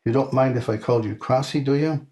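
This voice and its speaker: A man's voice: medium pitch, brisk, darkish tone, lightly acted. Sultry flirting alley cat, voiced by a man. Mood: flirtatious.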